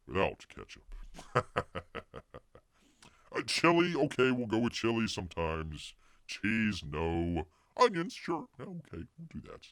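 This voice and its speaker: Male host, low gravelly voice, lively pitch, rambling jokey delivery, dry close sound. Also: no echo. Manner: rambling, jokey, refers to himself as Bear in third person. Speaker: livestream host. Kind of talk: casual news chat reading out chat.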